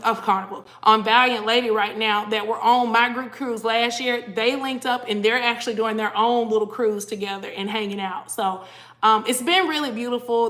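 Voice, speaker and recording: A woman's voice: fairly high pitch, fairly bright tone. A tired woman chatting casually on a livestream, greeting viewers by name and reading their comments aloud. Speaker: cruise vlogger hosting a livestream.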